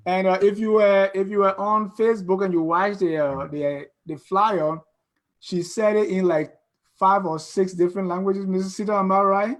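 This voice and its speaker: A man's voice: high-pitched, steady tone, normal speed. A man hosting an interview show, speaking informally and loosely phrasing his questions. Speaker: talk show host.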